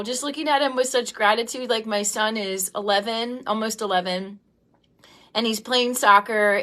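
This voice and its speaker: A woman's voice: fairly high pitch, sharp tone. A woman in her thirties hosting a livestream, talking casually and with feeling, filling her speech with "um" and "like" while tearful and greeting viewers by name. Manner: rambling, heartfelt, many "um" and "like" fillers. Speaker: livestream host and business coach.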